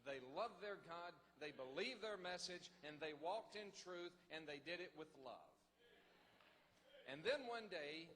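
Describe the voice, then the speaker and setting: An older man, a pastor giving an emphatic, animated sermon testimony in a large hall. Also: a little high. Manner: animated storytelling, lively and emphatic. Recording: reverberant hall with faint noise.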